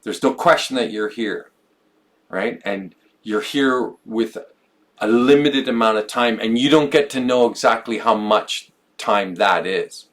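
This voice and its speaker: A man with a fairly low voice talks through ideas on a podcast. He muses, repeats himself and restarts phrases as he thinks aloud. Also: measured pace. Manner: musing, stumbles and repeats words. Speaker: podcast co-host. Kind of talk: reflective conversational podcast talk.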